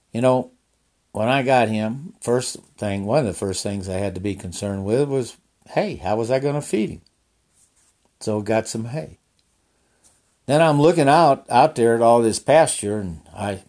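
A man's voice: on the low side, dark tone. A man casually telling a personal story in a folksy, rambling way with restarts and asides.

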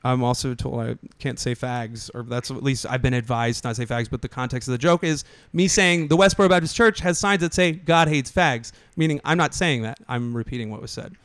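A man's voice: medium pitch, fairly quick, few pauses, a bit bright, smooth, no room sound. A man in his thirties hosting a casual podcast, swearing freely, joking and ranting. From Austin, Texas area resident. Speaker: podcast host.

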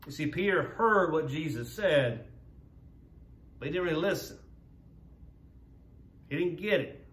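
A man preaching a sermon as a pastor, in an earnest, measured way, slowing down to stress key words. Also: a little high, expressive, fairly bright tone. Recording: roomy echo, voice from a distance.

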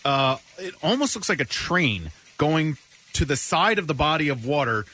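A man's voice: fairly high pitch, very animated, normal speed, sharp tone, slightly rough. A man co-hosting a radio show, eagerly explaining something in studio banter with restarts. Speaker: radio co-host.

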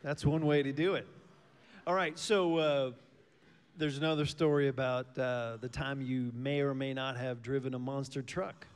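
A man's voice: mid-range voice, steady tone, moderate pace, clear, resonant tone. A man interviewing a guest, prompting the next story in an easygoing way. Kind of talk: casual interview.

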